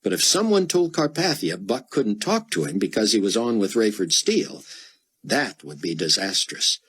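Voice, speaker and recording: A man narrating an audiobook in an even, steady storytelling manner. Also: on the low side, normal speed, husky, low-quality recording. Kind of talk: scripted narration.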